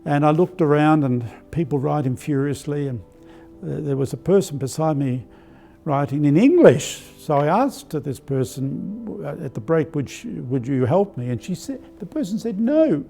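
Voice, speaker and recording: An older Australian archbishop telling personal stories in a live-streamed spiritual talk, with a gentle anecdotal manner and many fillers. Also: male voice, fairly high pitch, lively intonation, moderate pace, vocal fry, soft background music. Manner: warm anecdotal, hesitant with fillers.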